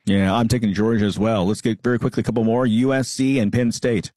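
A man's voice: on the low side, steady tone, quick pace, warm tone, dry recording, studio quality. Man hosting a sports radio picks segment. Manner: hesitant, many fillers, upbeat. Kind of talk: hosting casual sports chat. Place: radio studio.

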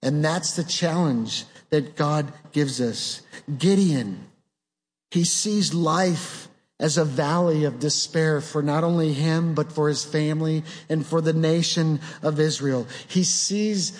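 A man preaching a sermon in a slow, emphatic style, building on rhetorical questions. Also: fairly high pitch, in a large hall.

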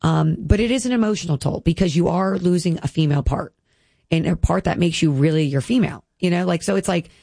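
A woman's voice: lowish voice, fast talker, vocal fry, warm tone, no echo. A woman in her thirties, a guest speaking earnestly and emotionally about her health, with many "like" fillers. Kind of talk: candid personal interview.

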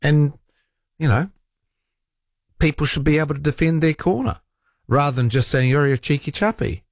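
A man's voice: a little high, moderate pace, no echo, clean studio sound. A man hosting a talk radio show, reading out listener texts and arguing back in a rambling, self-correcting way.

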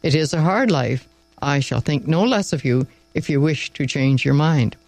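A cool, ironic aristocratic abbot, read by a man speaks with educated, measured precision. The voice is a touch high with a gravelly grain. It sounds close and dry. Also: expressive, dry recording. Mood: probing.

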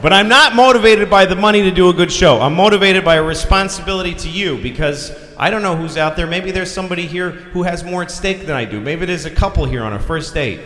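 A man doing a stand-up comedy routine, rambling through a bit with sudden loud bursts. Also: high-pitched, fast talker, hardly any pauses. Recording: echoey hall with loud crowd noise.

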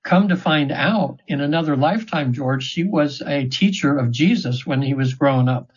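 A man's voice: on the high side, moderate pace, breathy edge. A man in his seventies, a guest in an interview, telling stories earnestly and ramblingly with many restarts. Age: 70s. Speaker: interview guest, trance session practitioner. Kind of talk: casual storytelling in an interview. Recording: dull, slightly lo-fi audio.

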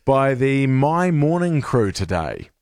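A man's voice: mid-range voice, big pitch swings, takes it slowly, darkish tone, dry recording. A man with a New Zealand accent co-hosting breakfast radio in a joking, upbeat manner, on a studio microphone. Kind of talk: casual radio banter.

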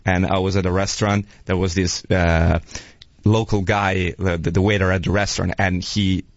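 A man's voice: low-pitched, flat delivery, normal speed, dry recording, highs cut off. A man with an Italian accent, a non-native English speaker, chatting as a radio guest and laughing often as he searches for words. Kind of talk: casual radio chat.

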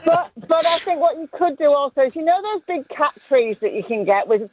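A woman's voice: sits high, animated, brisk, highs cut off. A woman calling in to a radio show, chatting in a cheery way. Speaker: caller. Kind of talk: phone-in chat.

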